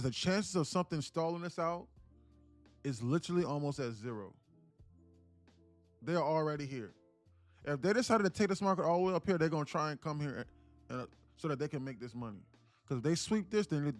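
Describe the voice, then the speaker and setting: A man with a New York accent hosting a day-trading livestream, talking casually in loose, profane street slang and repeating phrases in chant-like runs. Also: fairly high pitch. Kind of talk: casual live-stream commentary.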